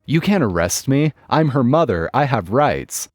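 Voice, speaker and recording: A man's voice: mid-range voice, big pitch swings, unhurried, dry recording, studio quality. A man reading the lines of a bossy, entitled middle-aged mother in a domineering, indignant way.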